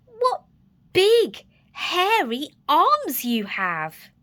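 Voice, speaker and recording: A careful little storybook girl speaks slowly and with wonder, as a woman reads her aloud. Her voice is high and bright. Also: wildly swooping pitch, full character voice. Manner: slow, wondering. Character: careful young girl in a red hood.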